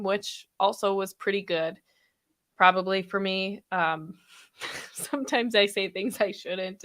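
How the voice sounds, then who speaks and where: A woman in her thirties hosting a podcast live stream, talking fast and chatty with frequent laughs, her throat a little sore after being ill. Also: medium pitch, pushed and bright, smooth. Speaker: podcast host. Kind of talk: casual live stream chat.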